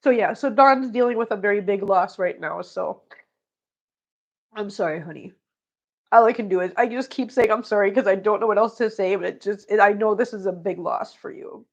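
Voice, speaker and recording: A woman's voice: mid-range voice, brisk. A woman hosting a cat channel livestream, chatting casually and tenderly to her cats while she scoops litter boxes. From Missouri. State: tearful. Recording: dull lo-fi audio.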